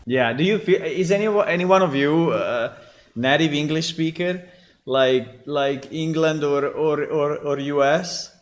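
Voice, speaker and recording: An Italian game developer with a somewhat high voice and an Italian accent hosts a casual screen-share, chatting while he browses. He halts and restarts often as he thinks out loud.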